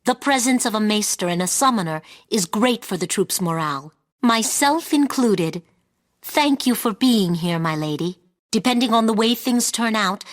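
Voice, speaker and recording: A woman's voice: mid-range voice, natural voice. An actress voicing a polite, formal woman soldier officer in a game.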